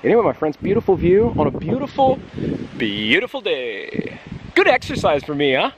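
A man in his forties from the United States, chatting casually and excitably as he walks and vlogs outdoors, out of breath on a climb. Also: high voice, normal speed. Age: 40s. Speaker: travel vlogger. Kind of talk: casual walking vlog. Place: outdoors in a windy town and hillside. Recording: wind noise on outdoor mic.

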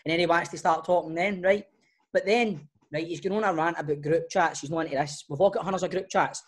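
A man's voice: on the high side, quick pace. Teasing scottish man telling stories. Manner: animated storyteller, teasing. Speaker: co-host. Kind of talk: casual banter.

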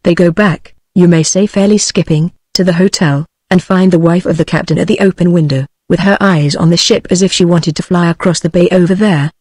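A woman's text-to-speech voice with a British English accent, reading an audiobook in an even, synthetic manner. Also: fairly low pitch, brisk, hardly any pauses, husky, no echo. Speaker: narrator. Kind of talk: audiobook narration.

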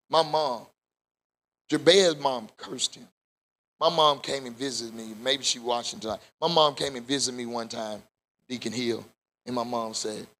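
A man a Bible study sermon in call-and-response style, rising to shouts at the peaks. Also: medium pitch. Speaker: pastor.

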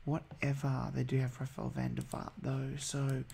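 A man's voice: mid-range voice, monotone, normal speed, gravelly, dark tone, slight background noise. A man giving casual, hesitant commentary over a football management game, full of ums and uhs. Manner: chatty, hesitant, many ums. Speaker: gaming video host.

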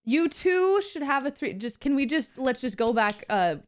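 A woman with a high, sing-song voice chats at a normal speed on a livestream. As a streamer co-host, she's crude, giggly and playful, pretending to be a teacher.

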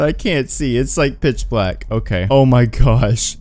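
A man's voice: mid-range voice, lively intonation, moderate pace, few pauses, darkish tone, soft background music. A young man doing let's-play commentary on a horror game, muttering nervously and breaking into screams. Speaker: gaming YouTuber.

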